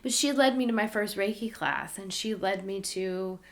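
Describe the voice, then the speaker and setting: A woman telling a personal story in a candid, animated way, sometimes dropping to hushed asides. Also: medium pitch, normal speed. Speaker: spiritual channel host.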